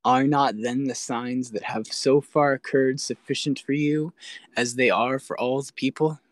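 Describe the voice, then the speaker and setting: A man's voice: mid-range voice, steady tone, a little slow, no echo, studio quality, lightly acted. A man reading as a stern Roman governor. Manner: formal, declamatory reading.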